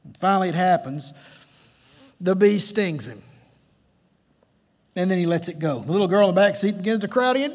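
A high-pitched man preaches a lively sermon, teasing and coaxing his congregation along. His voice rings through a church sanctuary with a long reverb tail. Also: fairly quick, pauses often. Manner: playful, coaxing the congregation, emphatic storytelling. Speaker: pastor.

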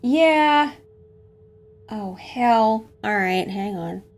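A woman's voice: on the high side, lively intonation, extremely slow. A young woman commenting on a horror game, jumpy and nervous, swearing and talking herself through scares. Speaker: gaming streamer.

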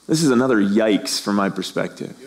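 A middle-aged male pastor preaching a sermon, animated, acting out the voices of people in the story. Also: on the low side, a little fast.

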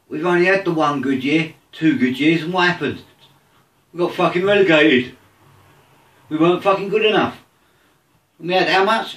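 A man's voice: fairly high pitch, a bit bright, roomy sound, distant mic. A man ranting angrily about his football team, swearing constantly. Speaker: football fan. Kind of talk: angry rant to camera.

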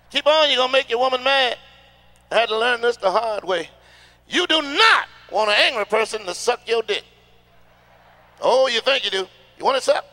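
Man, high voice, gravelly edge, brash stand-up host, profane. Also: animated, normal speed, big-room sound. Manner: loud, brash, profane, shouting punchlines. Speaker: stand-up comedian and show host. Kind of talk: live stand-up comedy.

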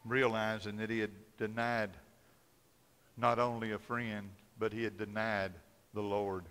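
A male pastor preaching a sermon, telling the story dramatically, swinging between loud emphasis and hushed tones. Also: lowish voice, level tone, unhurried, clean tone. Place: church sanctuary. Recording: long church hall reverb.

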